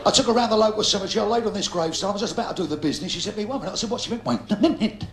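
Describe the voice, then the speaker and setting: Brash Cockney comic on a theatre stage. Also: male voice, high voice, very fast, background noise. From London, England. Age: 50s. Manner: brash, crude punchline delivery, heckling the crowd. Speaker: stand-up comedian. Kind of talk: live stand-up routine. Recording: echoey hall, loud audience laughter, 1990s live video. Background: audience laughter.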